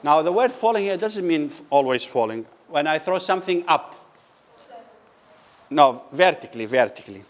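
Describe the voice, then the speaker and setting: Man lecturing, slow questioning delivery. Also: fairly high pitch, expressive. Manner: asks the class questions and answers them, repeats key words slowly. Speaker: physics lecturer. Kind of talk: classroom lecture. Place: lecture room.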